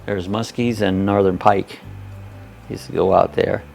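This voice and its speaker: A man's voice: low-pitched, steady tone, moderate pace, vocal fry, a little mellow, soft background music. A man in his sixties rambling folksy and self-deprecating, hosting a casual live chat while reading out viewer comments.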